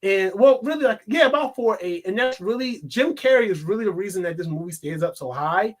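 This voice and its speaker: Man, high-pitched voice, excitable, casual movie review vlog. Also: a little fast. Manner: excitable, animated, swears and laughs often.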